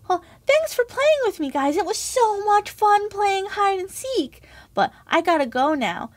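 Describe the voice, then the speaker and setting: Bubbly woman host for a kids' game video, very high voice that swoops up and down. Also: very animated, a little slow. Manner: bubbly, exaggerated, sing-song. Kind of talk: kids' game let's-play.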